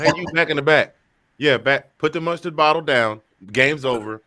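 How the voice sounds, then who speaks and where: Bright-voiced joking male show host. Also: medium pitch, normal speed, clean tone, no room sound. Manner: chatty, joking, repeats himself. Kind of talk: casual sports talk show.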